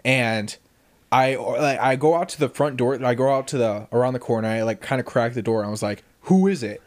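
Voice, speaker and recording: A man co-hosting a podcast, telling a story in casual chat, swearing often and acting out the quotes loudly. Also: medium pitch, fairly quick. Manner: animated storyteller, profane, acts out quotes loudly. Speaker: podcast co-host.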